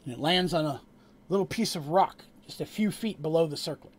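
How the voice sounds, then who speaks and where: A man narrating a tabletop game as game master, telling the story with animated asides to the players. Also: fairly high pitch, a little fast, breathy edge.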